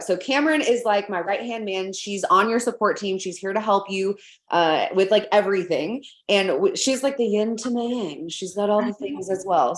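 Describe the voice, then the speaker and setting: A woman from Atlanta leading a sales team video call, talking in an excited, rambling way with lots of "like". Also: medium pitch, roomy sound. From Atlanta, USA.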